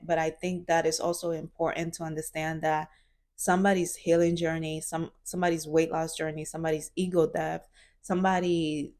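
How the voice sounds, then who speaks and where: Earnest woman in her twenties, lower voice. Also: darkish tone. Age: 20s. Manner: earnest, searching, many fillers and restarts. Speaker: vlogger. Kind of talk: reflective personal vlog.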